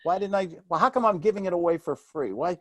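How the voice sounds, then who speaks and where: Lively New York man, dry close sound. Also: high voice, quick pace, dry recording. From New York City. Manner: lively, acts out quoted voices, asks himself questions. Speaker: guest, real estate and sales mentor. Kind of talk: animated interview talk.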